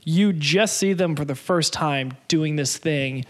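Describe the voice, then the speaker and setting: High-voiced chatty man podcasting. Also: a little slow. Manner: chatty, laughs often, animated retelling. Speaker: podcast co-host. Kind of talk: casual chat.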